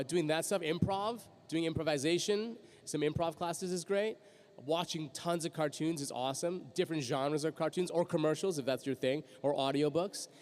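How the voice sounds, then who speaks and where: Energetic man on a convention panel, hall echo. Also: a little high. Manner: energetic, jumps into quick voice demos. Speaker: convention panel guest, voice actor. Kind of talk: panel Q&A answer. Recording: long hall reverb.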